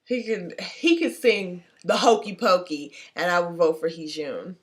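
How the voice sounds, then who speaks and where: A young woman chatting casually with a lowish voice, teasing her co-host and gushing over favorites. Her delivery is playful and quick to laugh things off. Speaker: co-host reviewing singing contest. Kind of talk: casual critique chat.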